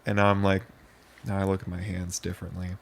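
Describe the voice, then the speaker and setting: A man's voice: low-pitched, monotone, fast talker, creaky, a little hiss or hum. A young adult man co-hosting a podcast in casual chat, with a dry, crude joking manner. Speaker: podcast co-host. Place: apartment at night.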